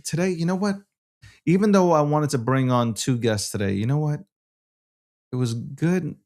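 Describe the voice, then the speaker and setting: A man hosting a casual solo show, rambling, repeating himself and swearing offhand. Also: medium pitch. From New York. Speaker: show host.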